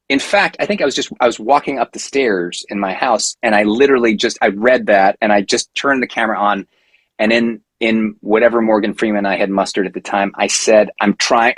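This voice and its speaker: A husky, somewhat low-voiced man in his forties recounting a story on a podcast. He talks casually and animatedly, full of fillers and self-corrections. The sound is dry and close to the mic. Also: fairly even intonation, fairly quick, no room sound, poor audio. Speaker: podcast guest, actor.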